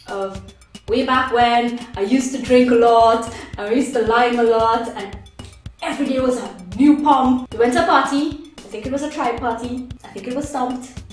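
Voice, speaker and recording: A woman's voice: fairly high pitch, far from the mic. A young Trinidadian woman telling a funny story to camera, acting out the voices of friends and herself. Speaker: vlogger. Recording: very echoey room with faint music.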